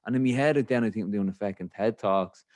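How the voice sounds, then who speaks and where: A man's voice: lowish voice, fast, darkish tone, no echo, clean studio sound. An Irish man hosting a podcast in loose, rambling casual chat, full of swearing and filler phrases. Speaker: podcast host.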